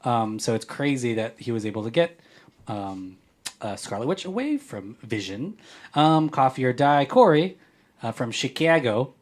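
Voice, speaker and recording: A man's voice: mid-range voice, animated, moderate pace. A man hosting a podcast, chatting casually and reading listener mail in a playful, joking way. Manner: playful, jokey, rambling. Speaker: podcast host.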